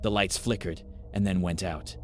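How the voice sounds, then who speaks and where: A man narrating a first-person horror story in a grim, measured way. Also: low voice, fairly even intonation, a little hiss or hum.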